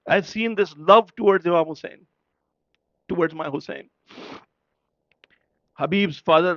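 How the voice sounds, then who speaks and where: A man whose first language is Urdu speaks with a fairly high voice, recounting a tale as a sermon in a chatty way and pausing to ask his listeners whether they follow. The recording sounds dull and lo-fi, with a dry, close sound. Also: fairly bright tone, no room sound. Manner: conversational, often checking in with the audience. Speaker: speaker at a religious gathering. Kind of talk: storytelling sermon.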